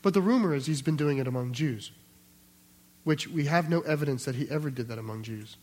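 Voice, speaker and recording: High-voiced man preaching a sermon. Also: brisk, darkish tone. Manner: conversational preaching, acts out quoted voices, repeats words as he restarts. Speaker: pastor. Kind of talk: expository sermon.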